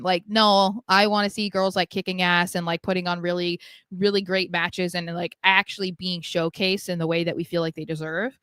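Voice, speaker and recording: A woman's voice: lowish voice, steady tone, brisk, fairly bright tone, clear, resonant tone, no echo. Chatty young woman podcast co-host. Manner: chatty, lots of "like" fillers. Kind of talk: casual chat.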